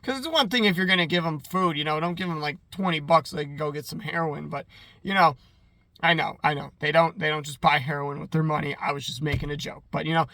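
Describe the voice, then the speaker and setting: This man rambles through an episode recap in a loose, chatty way, leaning on "like" constantly. His voice is bright and slightly high. The sound is dry and close to the mic. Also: fast talker, dry recording. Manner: rambling and chatty, heavy use of "like". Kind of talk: casual commentary.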